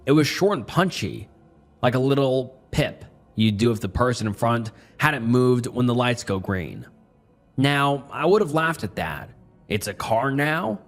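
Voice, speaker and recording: A man narrating a first-person horror story in a tense, dramatic way, dropping low and quiet for asides. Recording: faint music bed behind the voice. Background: faint background music.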